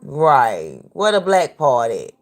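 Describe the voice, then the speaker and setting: A woman's voice: a bass voice, sing-song, slow. A woman hosting a casual reaction vlog, talking back to clips with sass. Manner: sassy, talks back to clips.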